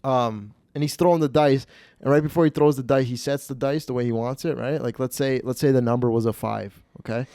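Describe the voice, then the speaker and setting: Man, rambling profane storyteller, podcast host, mellow tone, dry studio mic. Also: mid-range voice, fairly even intonation, brisk, no room sound. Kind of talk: comedic storytelling.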